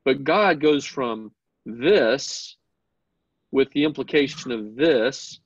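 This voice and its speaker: A man's voice: mid-range voice, takes it slowly, breathy edge, no room sound, muffled recording. A man teaching a Bible class, explaining step by step, asking the class questions and often repeating words as he starts a sentence.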